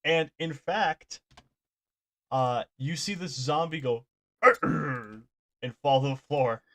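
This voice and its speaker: A man's voice: a little high, slow pace. A man running a tabletop game as dungeon master, talking casually, laughing and swearing a little.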